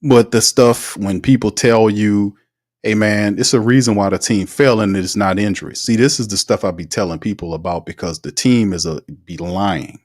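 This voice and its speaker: A man hosting a casual live sports talk show, reading out viewer comments in an animated, slangy way and laughing often. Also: lowish voice, normal speed.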